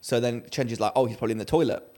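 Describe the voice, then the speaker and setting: A man co-hosting a podcast, telling a story in casual chat and acting out the quotes with lively energy. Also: mid-range voice, rapid-fire. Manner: animated storyteller, acts out quotes. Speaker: podcast co-host.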